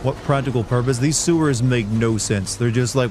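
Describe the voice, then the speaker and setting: A man's voice: mid-range voice, moderate pace, background noise. A man streaming a video game, giving sarcastic, rambling casual commentary. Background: game sounds.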